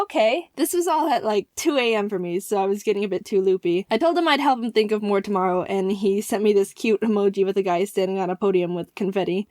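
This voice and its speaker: A woman narrating a storytime voice-over in an excitable, jokey way, with sudden loud outbursts. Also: mid-range voice, dry recording, clean studio sound. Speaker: animator telling a story.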